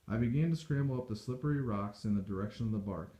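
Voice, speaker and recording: A man reading a novel aloud in steady, measured storytelling. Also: on the low side. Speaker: audiobook reader. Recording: dull echoey home recording.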